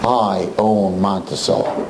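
A powerful, boastful club owner growls his threats slow and low, dropping well under his usual pitch, as a storytelling man puts him on. Each word lands heavy and deliberate. A faint hum of background noise hangs behind him. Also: fairly even intonation. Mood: menacing.

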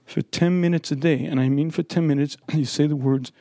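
A man giving an earnest, emphatic Torah lecture who keeps clearing his throat. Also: a little high, fairly even intonation, fairly quick, mellow, no echo. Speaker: religious lecturer.

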